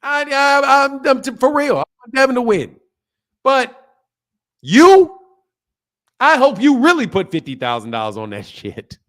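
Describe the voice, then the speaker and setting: Man, high-pitched voice, boxing channel host, heated casual rant, profane, repetitive, blunt. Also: big pitch swings, normal speed, fairly bright tone.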